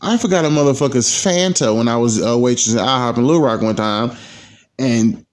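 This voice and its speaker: A man spinning loose stories on a casual podcast, cursing freely and circling back to his favorite phrase. He talks at an ordinary middle pitch, animated, and he trails off and restarts as the thoughts come. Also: fairly quick. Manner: swears freely, animated storytelling, repeats "real shit". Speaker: podcast co-host. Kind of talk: casual chat.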